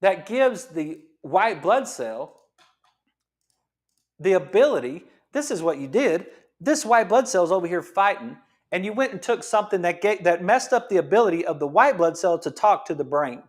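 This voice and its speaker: Guy, chiropractor type, preachy and fired up, highish voice that jumps all over. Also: animated, normal speed. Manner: fired-up, preachy, rhetorical questions. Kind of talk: health talk monologue.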